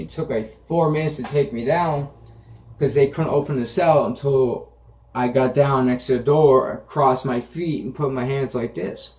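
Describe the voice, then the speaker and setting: Young male vlogger, matter-of-fact storyteller, swears freely; average pitch, recorded in an echoey room. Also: darkish tone. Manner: blunt, profane, matter-of-fact. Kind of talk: casual storytelling.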